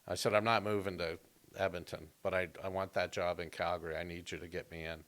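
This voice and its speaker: A man's voice: low voice, quick pace. A man who works as a comedian, telling stories and joking in a casual podcast conversation. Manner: storytelling, animated and joking.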